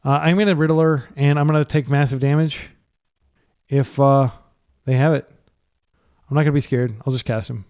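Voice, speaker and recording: A man's voice: mid-range voice, fairly even intonation, moderate pace, pauses often, a little mellow, clean tone. A man from the United States giving live, chatty commentary on his card game, thinking aloud and correcting himself as he plays. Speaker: gameplay commentator.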